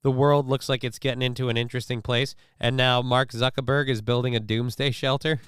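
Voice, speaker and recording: A man's voice: medium pitch, little pitch movement, fairly quick, a bit bright, smooth, no echo, studio quality. A man hosting a casual live stream, reading viewer comments and news stories aloud with sarcastic, offhand remarks. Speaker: livestream show host.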